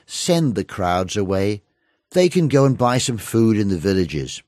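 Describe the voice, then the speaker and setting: A man's voice: fairly low pitch, very animated, unhurried, a little mellow, dry recording, clean studio sound. A man voicing worried disciples. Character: worried group of disciples, grown men.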